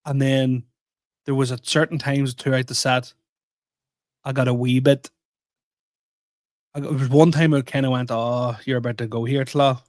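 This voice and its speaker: A man's voice: mid-range voice, level tone, normal speed, long pauses, a little mellow, no room sound. Young male co-host; rambling, self-mocking storyteller in loose chat, dry booth sound. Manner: rambling, self-deprecating storytelling with many restarts. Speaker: podcast co-host and comedian. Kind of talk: casual chat.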